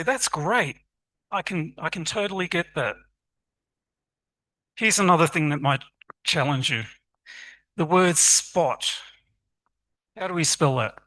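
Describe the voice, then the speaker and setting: Guy lecturing teachers at a conference, bright voice, dry close mic, kinda upbeat. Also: on the high side, dry recording, low-quality recording. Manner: lively, encouraging, asks the audience questions. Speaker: conference presenter on literacy teaching. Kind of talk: academic conference talk.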